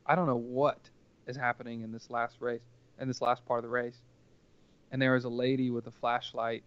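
A man's voice: medium pitch, fairly bright tone, clean tone, highs cut off. A man telling a personal story casually as a podcast guest, rambling and earnest, with lots of filler words.

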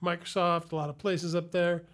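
A man's voice: high voice, little pitch movement, normal speed, fairly bright tone. A middle-aged man from Chicago, a comedian guest, telling stories in casual podcast chat with a dry, wry manner. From Chicago, United States.

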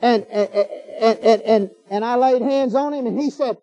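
A man's voice: extremely high pitch, measured pace, warm tone, dry recording. A man preaching a sermon in a folksy, emphatic way, firing off rhetorical questions. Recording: dull lo-fi sermon recording.

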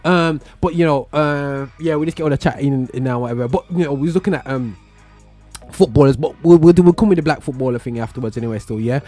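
A man hosts a radio show in loose, slangy chat that keeps drifting off topic. His voice sits a little high. A faint music bed plays under him. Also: quick pace, mellow. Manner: rambling, slangy, digresses with laughs. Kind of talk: casual chat.

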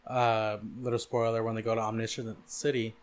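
A man's voice: on the low side, flat delivery, brisk. A man in casual conversation about a movie, chiming in with details and laughing with his friends. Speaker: podcast co-host.

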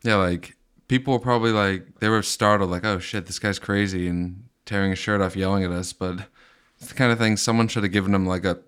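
A lowish, smooth-voiced man chatting on a podcast, playful and quick to laugh. The voice is clean and clear. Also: expressive, a bit bright. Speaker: podcast co-host. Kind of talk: casual chat.

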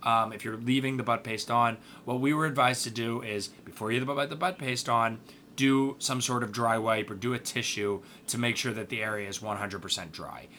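A man's voice: mid-range voice, fairly even intonation, moderate pace, pushed and bright, a little hiss or hum. A man co-hosting a casual podcast, joking and swearing as he gives parenting tips. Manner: wry, profane, joking. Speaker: podcast co-host.

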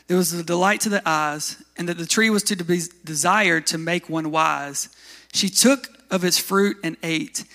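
A man preaches a sermon in a casual, conversational way, often asking his listeners questions and then answering them himself. His voice sits high for a man and sounds bright. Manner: conversational, asks the congregation questions. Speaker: pastor.

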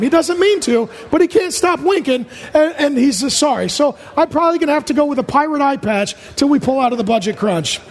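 A man preaching a humorous sermon as a pastor, firing off punchy jokes and short lists in a large church auditorium. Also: very high voice. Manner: rapid-fire jokey delivery, punchy short lists. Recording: reverberant hall.

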